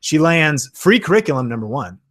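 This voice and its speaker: A man hosting a live-stream Q and A, talking with excitable enthusiasm and plenty of fillers. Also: a little high, a little fast. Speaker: YouTube channel host.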